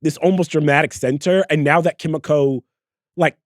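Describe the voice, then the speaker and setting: A man co-hosting a podcast in casual chat, animated and swearing freely, acting out his own thoughts. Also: a little high, moderate pace, no echo, studio quality. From New Jersey. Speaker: podcast co-host.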